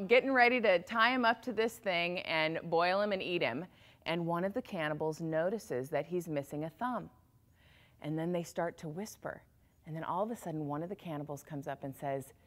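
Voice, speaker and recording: A woman telling a motivational story in an animated way, shifting her pace and volume for effect. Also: fairly low pitch.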